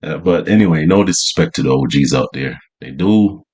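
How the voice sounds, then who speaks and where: A man's voice: very deep voice, animated, fairly quick, a little mellow, slightly rough. A man talking to camera in a laid-back, slangy monologue, full of fillers like "you know what I mean". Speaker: vlogger. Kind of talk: casual monologue.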